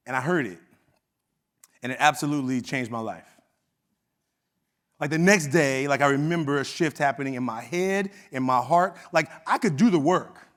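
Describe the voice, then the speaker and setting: The speaker, a middle-aged man with an Oakland, California accent, gives a keynote on a conference hall stage in a mid-range, somewhat bright voice at normal speed with long pauses. He tells a personal story conversationally, acting out quoted dialogue.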